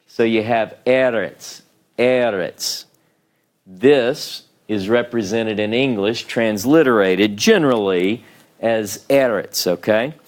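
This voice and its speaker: Slow, patient man teaching a class. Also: on the low side. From United States. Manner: patient, explains step by step, frequent "okay?" checks. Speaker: Hebrew teacher. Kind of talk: classroom lecture at a whiteboard. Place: meeting room with a small live class.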